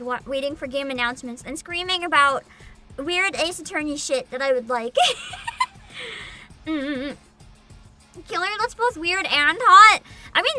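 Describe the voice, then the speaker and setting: A woman livestreamer with a lively, bouncing delivery, chatting casually with her viewers. She is excitable and giggly, breaking into hums and squeals. Faint music plays behind her. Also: high voice. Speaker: streamer reacting to a game showcase. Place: home streaming setup.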